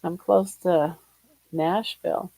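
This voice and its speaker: An older woman from Ohio hosting a casual livestream chat, short of breath, talking in a slow, relaxed way and greeting viewers by name. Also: lowish voice, creaky, no room sound, poor audio. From Ohio, USA. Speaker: livestream host.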